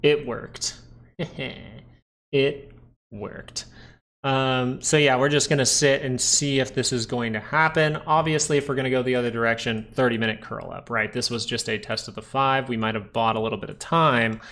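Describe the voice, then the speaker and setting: A man's voice: medium pitch, fairly even intonation, moderate pace, a bit bright. A man hosting a live stock market stream, chatting casually and joking with viewers between comments on the charts.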